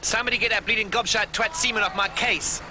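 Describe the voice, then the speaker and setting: A man's voice: sits high, fairly even intonation, fast talker, noisy background, pitched above the performer's own voice, close to an everyday voice. A man voicing a brash young male footballer who swears constantly. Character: foul-mouthed, touchy young male footballer.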